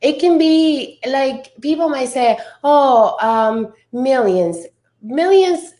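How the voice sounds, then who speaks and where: A woman guest speaks slowly in an easy, motivational tone. She laughs often and circles back with fillers and restarts. Her voice sits a little high. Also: darkish tone. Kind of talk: motivational chat.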